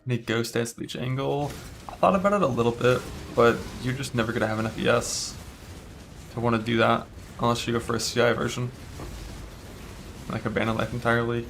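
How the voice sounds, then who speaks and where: Playing a game on a live stream, this man talks a little fast in a medium-pitched, steady, slightly bright voice with vocal fry and frequent pauses. He swears, rambles, leans on fillers, and grumbles about a broken retainer. A little hiss or hum is audible.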